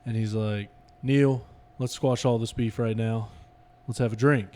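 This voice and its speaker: A man's voice: medium pitch, steady tone, measured pace, darkish tone. A man on a casual comedy podcast, telling crude jokes in a loose, laughing way. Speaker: podcast host.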